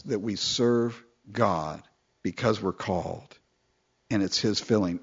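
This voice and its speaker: A man preaching a sermon in a conversational, animated way, often chatting with listeners as he goes. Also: husky, highs cut off. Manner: conversational, animated, mimics people in falsetto quotes.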